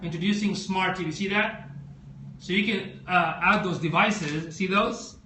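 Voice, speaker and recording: On a relaxed live stream, a man with a squeaky voice walks viewers through tech products at a slightly slow pace, sounding pushed and bright. Slight background noise is present as he chats, speaks to the audience directly, and asks plenty of questions.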